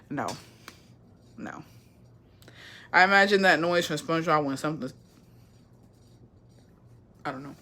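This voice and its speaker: Young woman livestream host, sassy, profane, animated, bright edgy voice. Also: fairly low pitch, a little slow, pauses often. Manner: animated, profane, sassy, reads chat aloud. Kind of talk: casual livestream chat.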